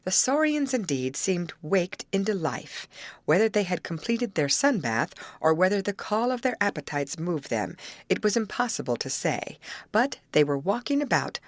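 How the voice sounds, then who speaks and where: A woman reading an audiobook aloud in an expressive, animated narration style. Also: fairly low pitch, normal speed, no echo. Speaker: audiobook reader. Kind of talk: scripted narration.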